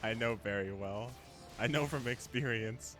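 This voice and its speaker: A man's voice: medium pitch, unhurried, over music. Laughing, chatty male game streamer. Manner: laughs often, chatty, talks to chat. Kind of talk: casual live-stream chat.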